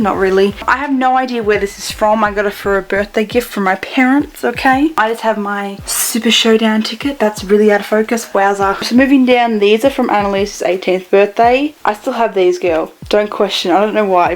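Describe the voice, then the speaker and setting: A young woman with an Australian accent chats to her camera in a casual, self-mocking way. Her voice sits a little high, and she films by hand as she walks around her bedroom. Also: poor audio. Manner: chatty, joking, self-deprecating. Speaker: vlogger. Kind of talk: casual room-tour vlog. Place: bedroom indoors. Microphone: handheld camera.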